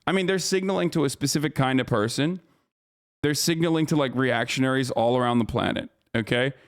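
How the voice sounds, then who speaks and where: A man's voice: medium pitch, brisk, smooth. A man streaming live, giving casual, profane and incredulous commentary as host.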